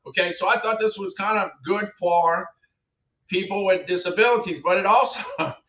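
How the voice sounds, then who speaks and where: A man's voice: high-pitched, moderate pace, fairly bright tone. A middle-aged man hosting a casual livestream, chatting to viewers in a rambling way and repeating his phrases. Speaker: livestream host reviewing products. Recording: roomy, distant, dull lo-fi sound.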